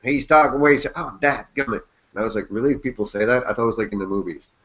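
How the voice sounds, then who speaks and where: A man's voice: on the low side, racing, a bit bright, lo-fi sound. A Canadian man co-hosting a casual chat, rambling, joking and swearing freely. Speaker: co-host.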